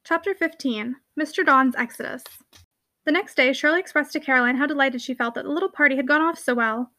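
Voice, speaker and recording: A woman narrating a classic novel as an audiobook, reading briskly and evenly. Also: high-pitched, bright, forceful tone.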